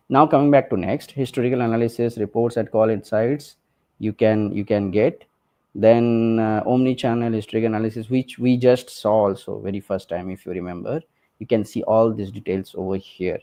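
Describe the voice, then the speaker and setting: A man presenting a technical walkthrough of a software demo, speaking conversationally with many fillers and "okay" and "right?" checks. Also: fairly low pitch, fairly even intonation, moderate pace.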